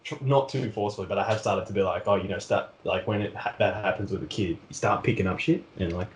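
A man's voice: lowish voice, fast, a little hiss or hum. A man, an artist who sells at conventions, chatting casually on a podcast, swearing freely and acting out customers.

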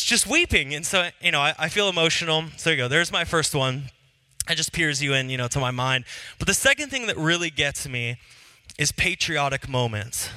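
A man's voice: on the high side, pushed and bright, no echo. A married Christian man talking casually and earnestly about what moves him, with many fillers and restarts. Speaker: Christian speaker. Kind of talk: casual personal talk.

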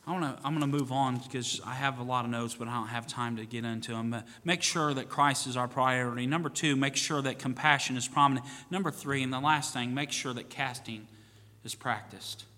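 Bright-voiced pastor preaching in a reverberant church. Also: male voice, medium pitch. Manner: folksy, repeats "you know what?", acts out quoted voices. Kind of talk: sermon. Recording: church sanctuary with long reverb.

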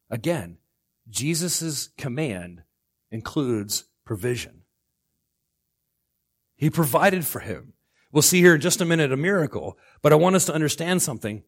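A middle-aged man delivering a sermon from the pulpit, his voice sitting a little higher than most men's. He swings from loud, emphatic outbursts down to hushed, quiet lines. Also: big pitch swings, moderate pace, husky. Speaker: pastor.

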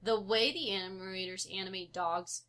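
A woman co-hosting a relaxed film chat, her bright, sharp voice full of "like" and quick outraged bursts. She talks about dogs with real enthusiasm. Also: mid-range voice. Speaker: podcast co-host. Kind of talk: casual movie discussion.

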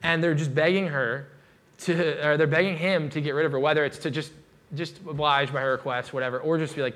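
A man's voice: on the high side, fairly even intonation, a little fast, a bit bright. A man preaching a sermon in a loose, casual way, with many fillers and restarts.

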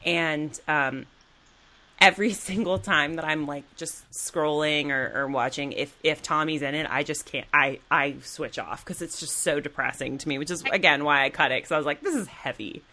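A woman's voice: low-pitched, fairly even intonation, moderate pace, sharp tone. A woman co-hosting a podcast, chatting casually and animatedly retelling TV scenes. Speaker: podcast co-host. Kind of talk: casual chat.

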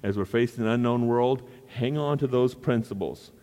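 A man's voice: medium pitch, moderate pace, warm tone. A male pastor preaching a sermon in an earnest manner and repeating phrases for emphasis. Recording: long hall reverb.

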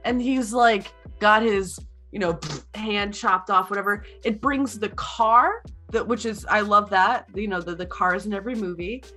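A young woman in casual chat, retelling a movie plot in a rambling, animated, profane way. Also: medium pitch, normal speed, soft background music.

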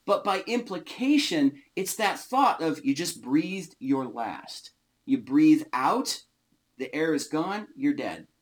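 A man teaching an informal Bible study, explaining words slowly and stressing single words. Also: on the high side, very animated. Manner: slow, emphatic, often stressing single words.

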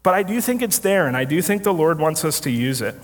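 A pastor preaches a sermon in a church sanctuary with a congregation, telling a story casually and self-deprecatingly with frequent laughter. His voice is on the high side, sing-song, and fast, and the recording has a long hall reverb.

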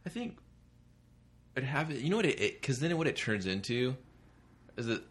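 A man's voice: mid-range voice, very animated, normal speed, fairly bright tone, breathy edge. A man co-hosting a casual comics podcast, trading crude jokes and wisecracks. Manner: joking, crude banter with mock quotes. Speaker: podcast co-host. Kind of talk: casual chat about comics.

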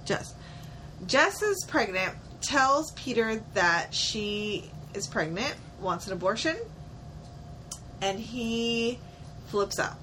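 A young woman chats on a casual podcast with a high, bouncy voice that swings widely in pitch. Her tone is bright and forward, with quick asides and frequent laughter. Faint room noise sits under the recording. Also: expressive, low-quality recording. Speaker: podcast co-host. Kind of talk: casual chat recapping a show.

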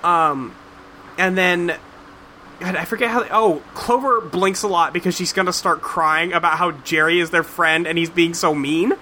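Podcast host, male, high and bright, profane and rambling, casual chat. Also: normal speed, slight background noise. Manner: rambling, profane, lots of fillers. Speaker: podcast host recapping a cartoon.

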